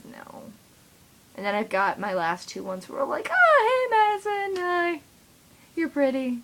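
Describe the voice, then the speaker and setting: A teenage girl talks straight to camera in a loose, rambling monologue. She's chatty and giggly, and she slips into quick impressions of her friends. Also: medium pitch, poor audio. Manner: chatty, giggly, mimics friends in quoted voices. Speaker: vlogger.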